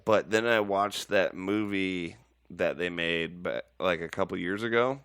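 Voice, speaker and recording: Podcast co-host, rambling, joking man with a smooth, low voice, dry close mic. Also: unhurried, fairly bright tone, no echo. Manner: rambling, laughing, profane. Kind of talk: casual podcast chat.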